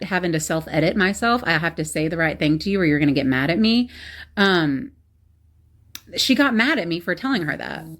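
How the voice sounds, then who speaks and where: Woman, mid-thirties, rapid-fire storytime delivery, blunt and sarcastic, exasperated tone. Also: lowish voice. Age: 30s. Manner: blunt, sassy and exasperated, with sarcastic asides and laughs. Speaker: storyteller recounting a bad date. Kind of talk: casual storytime chat.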